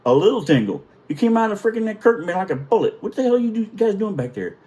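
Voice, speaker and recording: A man's voice: medium pitch, sing-song, fairly quick, a little mellow. A man voicing his exasperated navy chief, scolding and cursing at a sailor. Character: gruff exasperated male navy chief, middle-aged.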